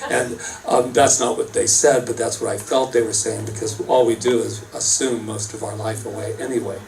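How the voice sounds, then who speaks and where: A man's voice: on the low side, steady tone, normal speed, darkish tone. A man who is a minister, giving a casual, rambling sermon full of self-mocking asides. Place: church service space. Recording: distant mic, faint room noise.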